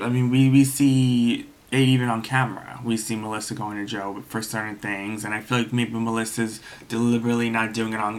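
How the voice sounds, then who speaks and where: A tired man recapping a reality TV episode late at night, talking low, rambling and gossipy with lots of fillers. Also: fairly bright tone. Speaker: TV episode reviewer. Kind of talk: casual recap vlog.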